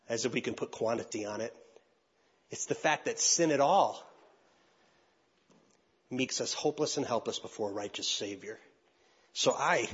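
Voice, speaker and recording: A man's voice: medium pitch, breathy edge, lo-fi sound. An older man preaching a sermon, telling a personal story and acting out the voices of the people in it. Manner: animated storytelling, acts out voices of others. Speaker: pastor.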